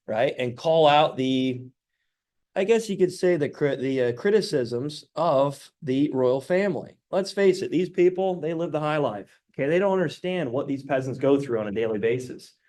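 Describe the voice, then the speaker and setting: A man's voice: a little high, a little mellow. A male teacher giving a casual classroom lecture, often checking in with "right?". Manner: casual, keeps asking "right?". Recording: roomy classroom, mic far off.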